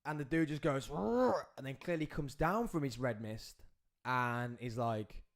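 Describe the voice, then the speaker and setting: The podcast host, a man, keeps a normal tempo while dramatizing a story with big shifts in pitch and loudness. His telling is animated and full of excitement.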